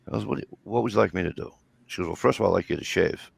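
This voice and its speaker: A man's voice: deep voice, rapid-fire, creaky, breathy edge, no room sound. A man, telling rambling, swear-filled stories in casual chat. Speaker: storyteller.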